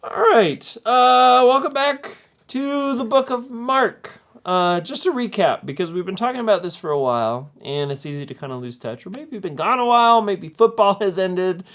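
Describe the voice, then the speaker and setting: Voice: mid-range voice, animated, normal speed, fairly bright tone. A youth ministry host making jokey announcements and then giving a Bible recap. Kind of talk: playful hosting and Bible recap.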